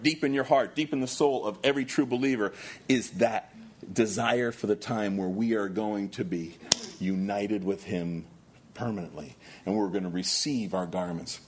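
A man preaching a sermon, swinging between loud shouting and hushed low tones, reading scripture slowly and with stress. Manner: reads scripture aloud with slow stressed delivery. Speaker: pastor.

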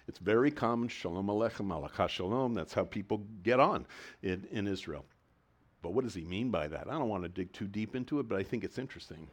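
A man preaching a sermon as pastor, animated, with emphatic swells in volume and frequent restarts of his phrases. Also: lowish voice.

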